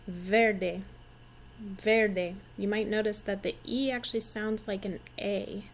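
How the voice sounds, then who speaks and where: A woman's voice: medium pitch, fairly even intonation, normal speed, slight background noise. A woman in her forties, teaching young children and speaking patiently, repeating each word so they can say it along with her. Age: 40s. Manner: encouraging, repeats words for children to echo. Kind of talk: slow, patient classroom instruction.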